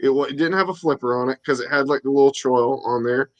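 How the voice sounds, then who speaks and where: A man's voice: mid-range voice, fast, muffled recording. A man in his thirties co-hosting a casual chat, joking, swearing and laughing often. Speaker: co-host.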